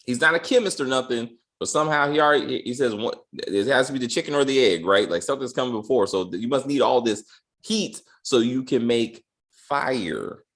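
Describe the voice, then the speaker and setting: A man's voice: medium pitch, expressive, brisk, fairly bright tone. A man hosting a casual review chat, joking and using loose slang. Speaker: podcast host reviewing a TV episode.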